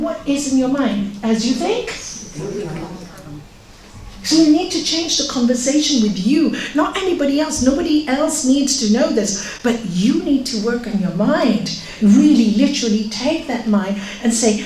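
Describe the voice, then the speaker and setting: A woman with a fairly high voice gives an informal spiritual talk in a yoga centre room. She speaks earnestly and directly, and often asks the audience questions. She is recorded by a distant room mic, so her voice sounds roomy with faint noise behind it. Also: expressive, normal speed, a little mellow. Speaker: spiritual teacher.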